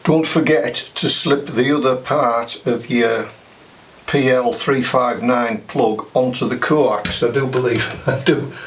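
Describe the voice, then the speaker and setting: Older man, unhurried workshop demo talk, mic set back, audible background noise. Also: medium pitch, fairly even intonation, far from the mic. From United Kingdom. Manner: chatty, thinks aloud while working. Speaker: amateur radio hobbyist. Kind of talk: hands-on workshop demonstration.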